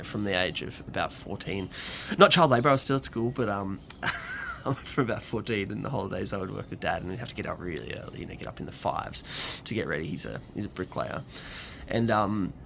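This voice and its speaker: Aussie guy doing a bible reading and chat, gravelly voice, pitch moving all over, lots of ums. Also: noisy background. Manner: conversational, with frequent ums and restarts. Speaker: preacher giving a Bible reflection. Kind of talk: scripture reading and devotional talk.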